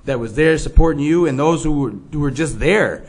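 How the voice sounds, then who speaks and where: A man's voice: on the high side, a little fast, slightly rough. A male host of a live web show talking casually and swearing freely, his voice stuffed up from a head cold with fever. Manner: laid-back, loose, swears freely.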